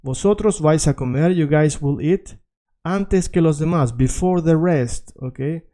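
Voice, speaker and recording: Patient man teaching, dark voice. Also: on the high side, normal speed. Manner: explains patiently, repeats words, checks in with "all right?". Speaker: Spanish teacher. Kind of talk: video language lesson.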